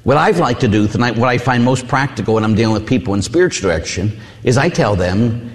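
Man, priest, storytelling sermon, acts out voices, very lively pitch, echo of a big hall. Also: fast talker, hardly any pauses. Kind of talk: sermon with personal stories. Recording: long hall reverb.

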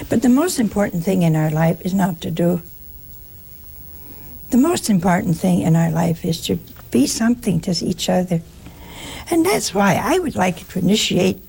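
American woman, religious sister, gravelly and husky, warm chatty storyteller giving a talk. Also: fairly low pitch. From United States. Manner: storytelling, chatty, animated asides. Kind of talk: casual spoken talk to an audience.

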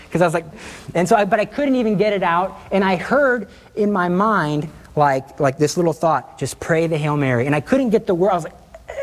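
A young man giving a spoken faith talk, telling a personal story and acting out quoted voices with animation. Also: high-pitched. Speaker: Catholic speaker.

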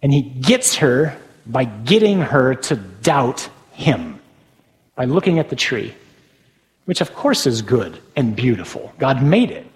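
A man's voice: mid-range voice, sing-song, slow pace, in a large hall, poor audio. A man, a Catholic priest, preaching a sermon in a conversational way with tag questions.

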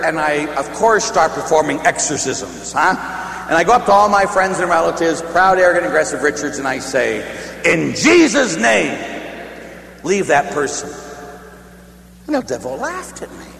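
A priest from Pittsburgh delivers a sermon as lively, humorous storytelling, his voice sitting a little high. The sound is a big, echoey hall with a long reverb tail and a faint hum underneath. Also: vocal fry. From Pittsburgh, United States. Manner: animated, humorous, dramatic storytelling.

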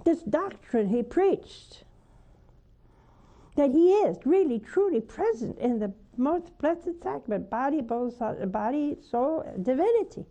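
A woman, a nun hosting a call-in show, teaching with devotion and counselling callers, swinging from fervent high exclamations down to soft, intimate asides. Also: expressive, muffled recording. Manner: slow, emphatic, rising to fervent highs then dropping soft.

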